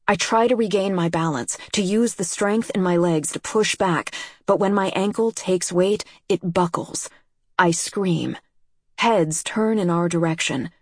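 A woman reads a first-person memoir in a low, husky, slightly breathy voice. Her delivery is measured and sober, never rushed. The recording is close and dry, with no room sound. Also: a little mellow, no room sound. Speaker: audiobook narrator.

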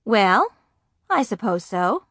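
A calm mother, half-absorbed in her painting, read by a woman narrating a storybook. She answers in mild, unhurried tones. The sound is close and dry. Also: mid-range voice, dry recording, exaggerated voice.

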